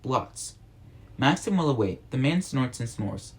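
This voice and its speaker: A man reads a novel aloud in a steady, mid-pitched voice. He stumbles over words now and then and goes back to correct himself, reading at an unhurried pace like an amateur home reader. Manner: steady reading with frequent slips and self-corrections.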